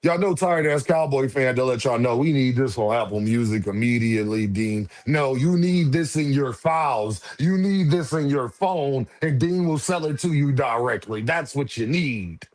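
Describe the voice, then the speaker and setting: A man hosting a casual livestream, firing off lively, repetitive shout-outs to viewers with slangy banter. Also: mid-range voice, moderate pace, hardly any pauses. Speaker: livestream host.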